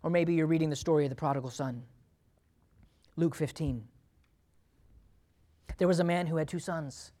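A man's voice: a little high, normal speed, long pauses, dark tone. A man, a pastor, preaching a sermon in a conversational way, asking the congregation questions and acting out thoughts and prayers aloud.

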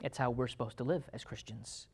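A man preaching a sermon as pastor to his church, swinging from loud emphatic passages to hushed, intimate asides. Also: medium pitch, fairly even intonation, fairly quick, gravelly, husky.

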